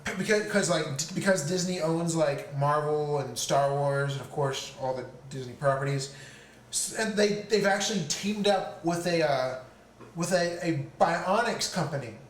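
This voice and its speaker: Male podcast co-host, high voice, rambling and stammering, casual swearing, echoey room with faint noise. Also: normal speed. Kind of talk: casual chat. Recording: roomy, distant mic, faint noise.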